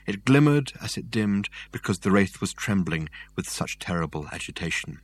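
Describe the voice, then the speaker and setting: Man narrating an audiobook, lowish voice. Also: lively intonation, normal speed, husky. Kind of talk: scripted narration.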